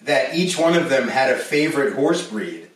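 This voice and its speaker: A man guesting on a comedy podcast, telling rambling stories in a deadpan way. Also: medium pitch, normal speed. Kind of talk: casual comedic chat. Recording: echoey, distant from the mic.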